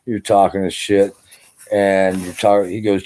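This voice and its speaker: Older male veteran, low and mellow, exhausted, rambling profane vlog chat. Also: flat delivery, a little fast. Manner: rambling, profane, full of "you know" fillers. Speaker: army veteran vlogger. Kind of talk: casual rambling vlog monologue. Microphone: camera.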